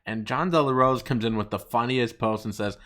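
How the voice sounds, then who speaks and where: A young man hosting his channel, ranting with mocking laughs and jumping into a higher voice whenever he quotes people. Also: brisk, a bit bright. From United States. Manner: mocking, laughing often, pitch jumping up when quoting others. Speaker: channel host. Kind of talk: ranting commentary.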